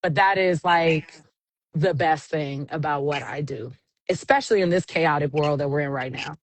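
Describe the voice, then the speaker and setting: A woman who MCs events in the Oakland area speaks as a guest in a casual interview, expressive and emotional. Her voice sits low, she talks at normal speed, and the recording is rough.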